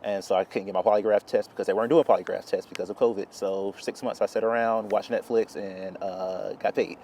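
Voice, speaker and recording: Casting: hoarse man, thirties, lowish voice, relaxed interview guest, from North Carolina. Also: quick pace, slight background noise. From Charlotte, North Carolina. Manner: relaxed, laughs between stories, uh-filled. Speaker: guest, Air Force intelligence officer. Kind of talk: casual interview.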